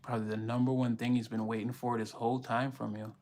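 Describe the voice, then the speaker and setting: A man's voice: mid-range voice, level tone, quick pace, darkish tone. A man reading tarot on a live stream, chatting casually, preaching motivation and greeting his viewers by name.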